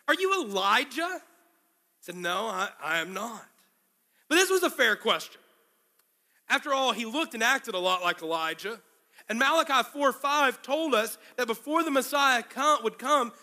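A man's voice: sits high, pushed and bright, in a large hall. A man preaching a sermon as pastor, dramatically acting out the biblical dialogue he explains.

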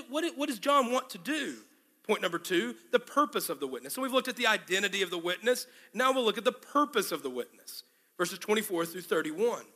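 A man's voice: high-pitched, sharp tone, big-room sound. A man preaching a sermon as pastor, dramatically acting out the biblical dialogue he explains.

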